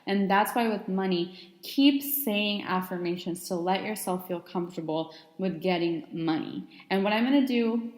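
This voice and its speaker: A woman's voice: mid-range voice, moderate pace, few pauses, darkish tone. A woman in her twenties hosting a self-help podcast, talking in an earnest, chatty way full of "like" fillers. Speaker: podcast host. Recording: echoey room with long reverb.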